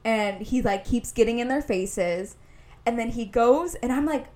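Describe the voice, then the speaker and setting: A woman's voice: on the high side, unhurried, a little mellow, slight background noise. A young woman from Indianapolis, co-hosting a podcast and telling a long story in casual chat, full of "like". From Indianapolis, USA. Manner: rambling storytelling, heavy use of "like". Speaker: podcast co-host.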